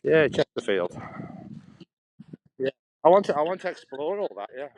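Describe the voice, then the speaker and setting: A man's voice: a little high, sing-song, moderate pace, a little mellow, no echo. A man from Stoke-on-Trent, rambling and laughing as he chats to live viewers on an outdoor canal walk. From Stoke-on-Trent, England. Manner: chatty, rambling, laughs often, answers viewer comments. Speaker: livestream walker. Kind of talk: casual live-stream chat while walking. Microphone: phone held while walking.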